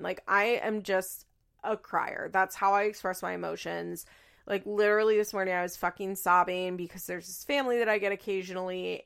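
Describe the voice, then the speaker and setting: A young woman chatting casually about social media, candid and swearing freely, with animated asides. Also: lowish voice, creaky. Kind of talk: casual chat.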